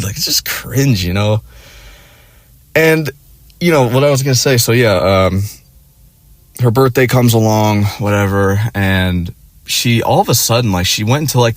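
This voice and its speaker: A young man rants in a rambling, profane way, stacking fillers as he talks. His voice sits fairly low, and the recording is dry and close. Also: dry recording. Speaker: vlogger. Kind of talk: casual rant.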